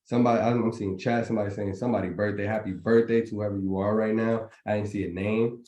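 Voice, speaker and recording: A man's voice: on the low side, steady tone, fast talker, mellow. Motivational man on a roomy call. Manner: preachy, motivational, slangy. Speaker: trading community host. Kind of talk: casual live group chat. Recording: roomy echo.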